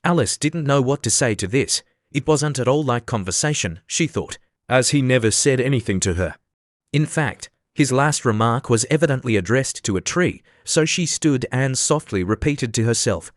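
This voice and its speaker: A man narrating a classic children's story for an audiobook. His delivery is steady and even, at a middle pitch. The sound is dry and close to the mic. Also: moderate pace, no room sound. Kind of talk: scripted narration.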